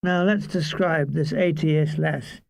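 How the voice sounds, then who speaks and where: A man's voice: on the high side, fairly even intonation, measured pace, gravelly. A man narrating a comic wartime memoir in a dry, wry storytelling manner. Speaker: audiobook reader.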